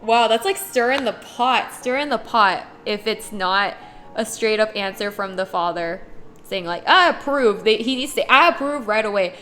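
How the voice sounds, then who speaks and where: A woman streamer in casual chat, reading chat aloud and acting out little voices with a giggly, animated manner. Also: mid-range voice, normal speed, soft background music.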